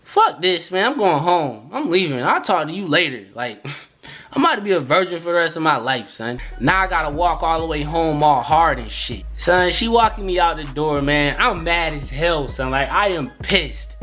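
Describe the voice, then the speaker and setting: Young male vlogger, animated slangy storyteller, bright lively voice, light music underneath. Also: on the high side, normal speed. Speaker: YouTuber. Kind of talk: casual storytelling.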